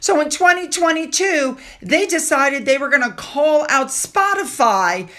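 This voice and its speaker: Bright, high-voiced woman vlogger. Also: expressive, unhurried. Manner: chatty, sarcastic, reads out quotes. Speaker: commentary channel host. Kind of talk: casual commentary vlog.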